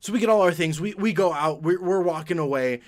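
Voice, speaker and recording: A man's voice: high-pitched, a little fast. A young man telling a childhood story as a vlogger, laughing often. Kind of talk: storytime vlog.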